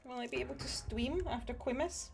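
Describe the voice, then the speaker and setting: A woman's voice: high voice, fairly quick, creaky, soft background music. A young woman chatting casually with her viewers while she paints miniatures, swearing freely and talking straight to them. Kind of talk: casual livestream chat.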